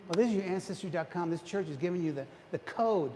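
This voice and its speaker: A man's voice: sits high, expressive, quick pace, mellow. Man preaching in a reverberant church. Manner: engaging, quizzes the audience, frequent restarts. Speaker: retreat speaker. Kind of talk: preaching talk to a congregation. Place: church hall. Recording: long hall reverb, faint background noise.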